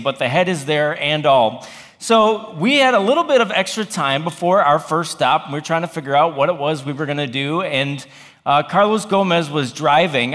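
A campus pastor tells a funny story during a sermon, full of wry, self-deprecating humor. His voice is on the high side with a fairly bright tone, and a long hall reverb hangs on the recording.

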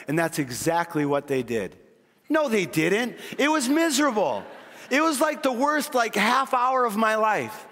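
A middle-aged man preaching a sermon as a pastor, telling a family story with animated energy before dropping to a quiet, earnest plea. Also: high-pitched. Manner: storytelling, shifting from quick excited retelling to quiet earnest pleading. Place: large church hall. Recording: long reverb of a church hall.

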